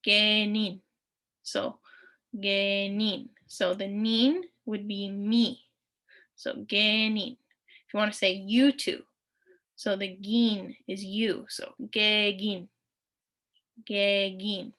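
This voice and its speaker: Woman, language teacher, slow delivery, patient, repeats words. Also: mid-range voice, fairly bright tone. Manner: patient, repeats each word slowly, many ums. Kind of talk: recorded online language lesson.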